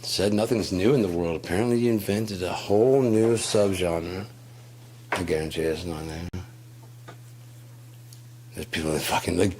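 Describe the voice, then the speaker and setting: A man's voice: low voice, normal speed, pauses often, darkish tone, a little hiss or hum. A man in a casual monologue, telling stories in a rambling, profane way and acting out quotes. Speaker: host.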